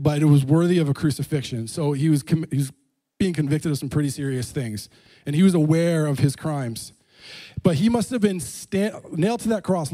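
A man's voice: on the high side, dark tone. A man preaching a sermon to a congregation in a conversational way, full of "you know" and "um" and brief chuckles. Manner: chuckles between points. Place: room with a gathered congregation.

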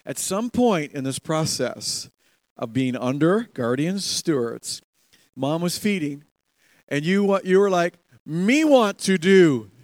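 A man preaching a sermon in a church, animated, laughing often and acting out quoted voices. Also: on the high side, a little slow, no room sound. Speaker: pastor.

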